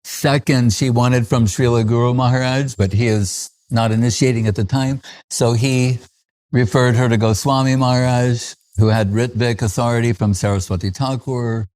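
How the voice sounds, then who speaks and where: Male spiritual teacher, anecdotal festival talk, chuckling, loose fillers, mid-pitch voice. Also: steady tone, normal speed, a little mellow. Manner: chuckles often while recalling stories, with frequent fillers.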